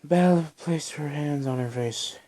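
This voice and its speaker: Man, storyteller, reading aloud, very slow, halting, small slips, mellow dark voice, phone recording. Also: on the high side.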